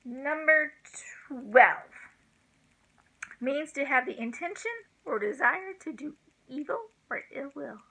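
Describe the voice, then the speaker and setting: A woman's voice: on the high side, creaky, bright, forceful tone, rough recording. An older woman, a grandmother, giving a homeschool vocabulary lesson, spelling words letter by letter in a chatty, self-deprecating way.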